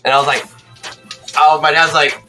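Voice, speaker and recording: A young man streaming a game, telling rambling, excitable stories in casual chat and checking in with "right?". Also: fairly high pitch, moderate pace, faint music behind. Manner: excitable, swears.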